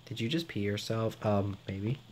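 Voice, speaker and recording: Young man in a hushed, sweary game commentary. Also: lowish voice, moderate pace, slight background noise. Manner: swears a lot, stammers, half-hushed late at night. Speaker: let's play commentator. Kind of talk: casual game commentary and voicing dialogue. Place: home room at night.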